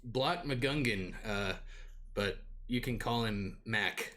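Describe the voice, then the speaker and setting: A man's voice: on the low side, slow pace, bright, forceful tone. A man voicing a polite, fussy male village council leader who talks hesitantly and courteously. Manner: hesitant, courteous, full of hedges.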